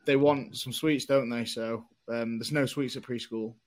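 A man's voice: mid-range voice, fairly even intonation, normal speed, a little mellow. A man, co-hosting a casual podcast and telling self-mocking stories. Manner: chatty storyteller, self-mocking, puts on voices in anecdotes. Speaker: podcast co-host. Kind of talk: casual chat.

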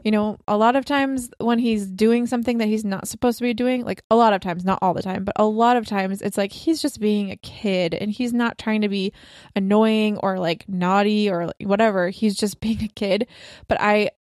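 A woman's voice: medium pitch, fairly even intonation, moderate pace, a little mellow, no room sound, studio quality. A woman in her twenties chatting as a podcast co-host, rambling with lots of fillers and laughs. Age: 20s. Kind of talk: casual chat.

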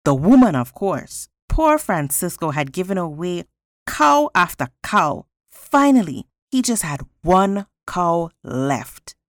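Slow expressive woman storyteller. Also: on the low side, dry recording, studio quality. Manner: expressive, sing-song. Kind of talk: reading a folktale aloud.

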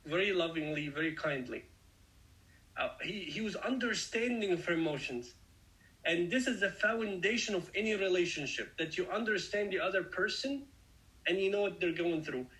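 A man's voice: high-pitched, moderate pace, sharp tone, rough recording. A man giving a conversational Bible study sermon, explaining the passage earnestly and speaking straight to his listeners. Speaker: Bible teacher.

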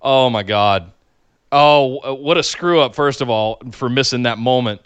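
A man co-hosting a podcast in casual chat, animated and exclamatory like an excited fan. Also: mid-range voice, a little slow, smooth, dry recording, highs cut off. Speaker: podcast co-host. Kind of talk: casual wrestling recap chat.

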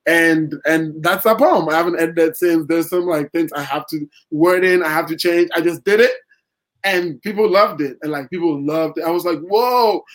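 Guest poet, male, chatty and rambling, voice a touch high. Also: moderate pace, fairly bright tone, poor audio. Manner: rambling, many fillers and restarts. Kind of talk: casual interview talk.

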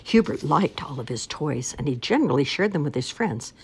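A woman reading a children's story aloud in an expressive, sing-song storybook manner. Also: sits low, fairly quick, breathy edge.

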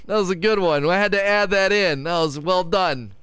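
A man's voice: high-pitched, normal speed, fairly bright tone, clear, resonant tone, no echo. A young man ranting animatedly as a live game streamer and laughing often at his own points.

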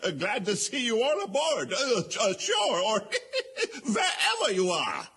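A man's voice: extremely high pitch, huge pitch swings, slow pace, bright, forceful tone, breathy edge, exaggerated voice. An actor voicing a jolly, flustered male parrot, chuckling and fumbling his words.

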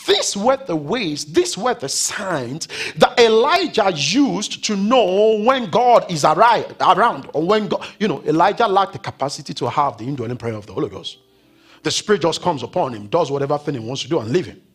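A male pastor preaching a sermon in a church, swinging from loud declarations to hushed, whispered words. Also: fairly high pitch, very animated, moderate pace, slightly rough. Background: faint keyboard music.

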